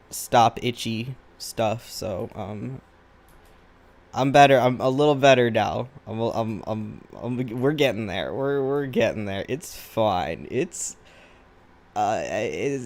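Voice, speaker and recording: A man's voice: on the low side, a little mellow. A tired man chatting casually and rambling in a self-deprecating way while he draws on camera. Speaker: artist drawing on camera. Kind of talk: casual chat while drawing.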